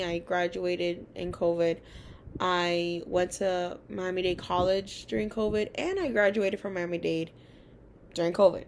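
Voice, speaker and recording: Gravelly-voiced young woman telling stories. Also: mid-range voice, slight background noise. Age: young adult. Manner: chatty, many fillers, animated quoting of others. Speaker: college student. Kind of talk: casual personal storytelling.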